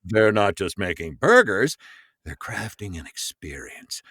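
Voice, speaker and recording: A man co-hosting a podcast in casual scripted banter, playful and slipping into quick put-on voices. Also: fairly low pitch, sing-song, fairly bright tone, slightly rough, no room sound, studio quality. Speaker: podcast co-host.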